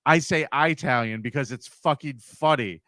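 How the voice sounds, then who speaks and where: A man's voice: mid-range voice, normal speed, bright, forceful tone, dry recording. A man co-hosting a podcast in casual chat, blunt and swearing freely. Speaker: podcast co-host.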